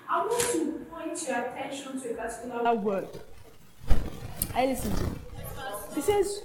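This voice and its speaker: Woman pastor, emphatic call-and-response sermon; high voice, distant mic, very echoey church. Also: expressive, normal speed, a little hiss or hum. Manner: rising to emphatic preaching with repeated questions to the congregation. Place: church hall. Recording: echoey church hall from far off.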